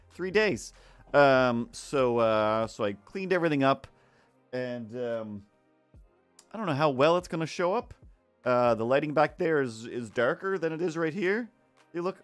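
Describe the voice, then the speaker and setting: A man's voice: medium pitch, clean tone, no room sound. A man chatting casually on an art stream, rambling and joking. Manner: rambling, jokey, argues with himself.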